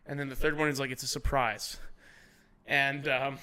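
Bright-voiced man telling stories. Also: mid-range voice, slow pace, clean tone. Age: 30s. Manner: animated, swearing, laughing while telling stories. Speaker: podcast host. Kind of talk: casual storytelling chat.

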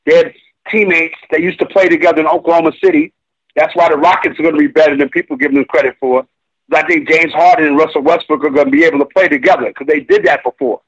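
A man's voice: fairly high pitch, lo-fi sound. A man giving opinionated, colloquial basketball commentary, emphatic and mocking at times. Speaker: sports commentator.

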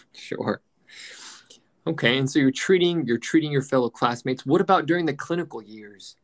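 A man hosting an interview, asking calm, brief questions. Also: mid-range voice, moderate pace, pauses often. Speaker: interviewer, podcast host.

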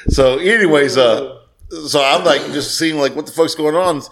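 Podcast host, male, slightly high-pitched, casual storyteller with a profane mouth. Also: moderate pace, fairly bright tone. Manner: swears freely, acts out quoted voices.

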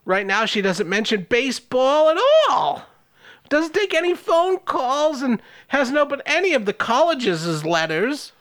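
A man's voice: extremely high pitch, sing-song, unhurried, fairly bright tone, voice pushed up, heavily acted. A man voicing a grieving, devout elderly grandmother in a comedic script table-read, earnest and melodramatic. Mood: solemn.

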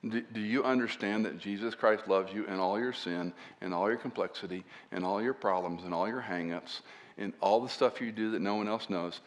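A man preaching a sermon as a pastor and Bible teacher, earnest and often dropping to a soft, hushed voice to stress a point. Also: fairly low pitch, moderate pace.

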